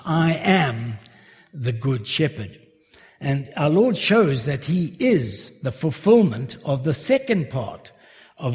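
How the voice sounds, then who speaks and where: A man preaching a sermon, slowly and carefully working through a Bible passage verse by verse. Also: medium pitch, darkish tone. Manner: slow, measured expository preaching. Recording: long hall reverb.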